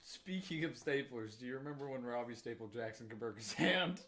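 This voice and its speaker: A young man co-hosting a podcast, telling school stories in a casual, animated way and acting out the people in them. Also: medium pitch, fairly quick. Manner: animated, acts out voices in his stories. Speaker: podcast co-host. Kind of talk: casual storytelling.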